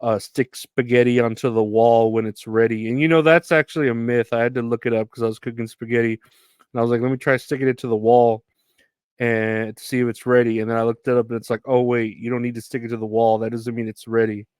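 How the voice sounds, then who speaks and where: A man's voice: medium pitch, steady tone, fast talker, darkish tone, smooth, dry recording. A man hosting his own podcast, rambling alone in a profane, meandering, self-deprecating way. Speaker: podcast host. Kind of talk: rambling solo podcast monologue.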